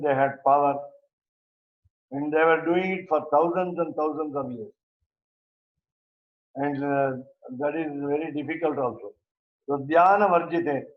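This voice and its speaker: A man teaching a verse-by-verse scripture class, speaking haltingly with many pauses and fillers. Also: fairly high pitch. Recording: roomy, dull lo-fi recording.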